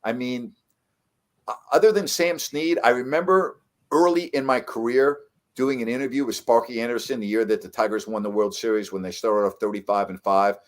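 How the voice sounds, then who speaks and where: A middle-aged man, a veteran sports broadcaster, telling stories in a casual chat with lively jumps in his voice for emphasis. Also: medium pitch, moderate pace. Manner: animated storyteller, voice jumps up for emphasis.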